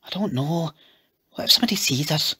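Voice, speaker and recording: A man voicing a timid, curious young scullery girl in a raised, hushed, nervous voice. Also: fairly high pitch, lively intonation, a little fast, husky, pitched above the performer's own voice, exaggerated voice.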